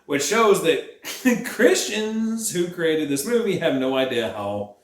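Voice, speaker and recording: A man's voice: fairly high pitch, sing-song, slow pace. A drunk man riffing casually and sarcastically on a movie he just watched. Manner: rambling, sarcastic, laughing. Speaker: podcast host. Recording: roomy echo.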